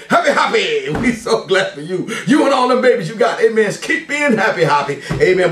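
Speaking in a high, slightly bright voice, an older pastor does shout-outs during a church service, greeting family and viewers playfully and folksily with plenty of "glory to God" and "amen." The sound is distant and echoey in the sanctuary, with slight background noise.

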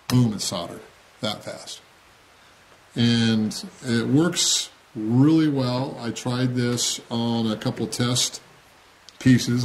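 A man's voice: mid-range voice, a little hiss or hum. Plain-spoken man explaining a workshop build. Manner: plain-spoken, frequent "okay?" check-ins. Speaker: model railroad hobbyist demonstrating. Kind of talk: casual how-to tutorial.

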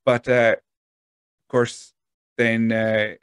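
A man's voice: medium pitch, level tone, very slow, fairly bright tone, clean tone, no echo. Scottish man hosting a casual podcast. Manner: rambling, laughing, swears casually. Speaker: podcast host. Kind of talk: casual interview chat.

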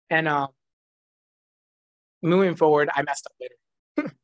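A man's voice: a little high, measured pace, pauses often, dry recording. A man giving a personal testimony at church, telling his story with animation and frequent laughter. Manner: animated storytelling, laughs often, acts out voices in quotes.

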